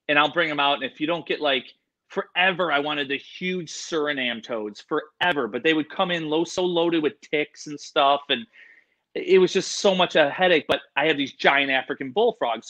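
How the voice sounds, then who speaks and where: A man who works as an animal educator, telling stories in a casual interview in an excitable, animated way and mimicking the people he talks about. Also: fairly high pitch, lo-fi sound.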